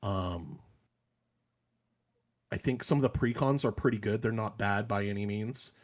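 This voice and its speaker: A man chatting casually on a gaming podcast, an animated storyteller who acts out other people's voices. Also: fairly low pitch, a little slow. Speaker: podcast panelist.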